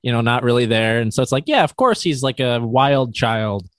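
Guy cohost rambling with lots of likes, swoopy pitch, dry sound. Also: no echo. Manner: animated, halting, many likes and restarts. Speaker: podcast co-host. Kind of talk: casual chat.

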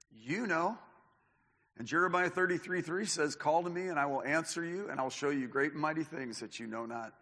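A man's voice: fairly high pitch, bright, forceful tone, in a large hall. A man preaching a sermon in a loose, conversational way, often restarting and adding asides.

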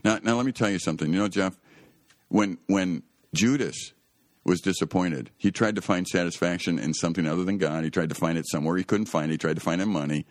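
A man's voice: sits low, quick pace, no echo, clean studio sound. A man hosting a Christian radio talk show, telling a Bible story in an earnest, emphatic way that often rises to exclaim.

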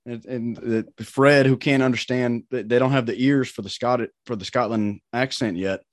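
A man in his middle pitch range hosts a podcast and chats easily, trading stories of his own with his guest. His voice is recorded dry and close. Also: steady tone, moderate pace, no echo. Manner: chatty, trades his own anecdotes. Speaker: podcast host. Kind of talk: casual chat.

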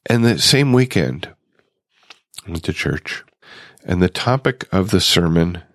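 A middle-aged man hosts a recovery podcast, musing reflectively in a solo monologue and asking his listeners direct questions in a conversational way. His low, expressive voice moves at a measured pace with a fairly bright tone, recorded dry with clean studio sound.

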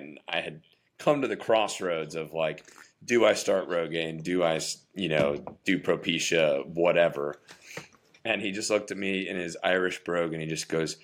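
Male actor, thirties, from New Jersey; low-pitched, easygoing storyteller. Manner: upbeat, chatty storyteller with fillers. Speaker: actor, podcast guest. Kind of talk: casual interview storytelling.

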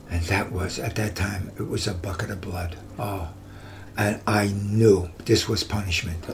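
A man's voice: fairly low pitch, measured pace, slight background noise, rough recording. An older man, a retired detective, telling stories from his career in an interview, acting out the voices he quotes. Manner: animated, acts out quoted voices. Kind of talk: storytelling in an interview.

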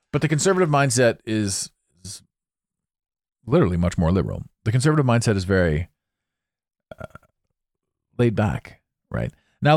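A man with a lowish voice talks through a solo podcast monologue, his pitch swinging up and down. He is opinionated and sarcastic and keeps asking rhetorical questions. The sound is close and dry with no room around it. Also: no echo. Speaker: podcast host.

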